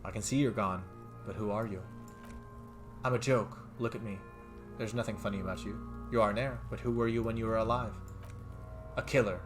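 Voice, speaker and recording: A man with a low voice reads game dialogue aloud and comments on it as he plays. His pitch leaps up when something excites him, and faint music plays under his voice. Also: fairly quick, long pauses. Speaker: let's play streamer.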